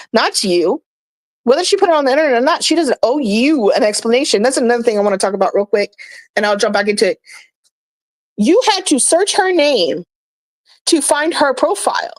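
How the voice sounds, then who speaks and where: A woman's voice: high voice, dry recording, low-quality recording. A young American woman, a vlogger ranting bluntly and scolding her commenters, swearing freely. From United States.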